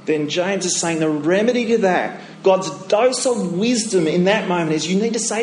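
A preacher delivering a sermon, his fairly high voice pressing the congregation with question after question. His words ring out in an echoey hall over faint room ambience. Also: normal speed, few pauses, a little mellow, a little hiss or hum. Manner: emphatic, rhetorical questions, drops low for inner voices.

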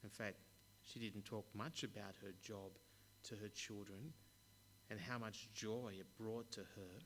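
A man preaching a sermon, telling stories in a measured way with occasional stumbles. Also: fairly low pitch, steady tone, fairly bright tone, slight background noise. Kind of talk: sermon with storytelling.

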